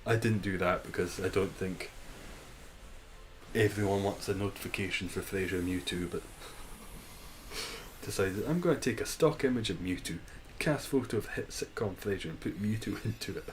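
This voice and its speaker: Male streamer, lower register, casual banter with viewers, frequent laughs. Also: moderate pace, slight background noise, rough recording. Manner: chatty, reads and answers chat, laughs often. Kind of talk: casual live-stream chat.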